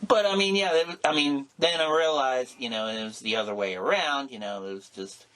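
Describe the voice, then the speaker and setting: A middle-aged man co-hosting a casual podcast, rambling and animated, with many restarts and exclamations. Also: medium pitch, brisk. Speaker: podcast co-host. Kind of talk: casual chat.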